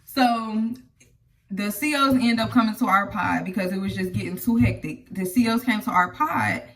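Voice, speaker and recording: Woman, casual storytelling vlog, chatty, talks to viewers, mid pitch, slightly distant mic. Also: moderate pace, fairly bright tone. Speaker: vlogger telling her life story.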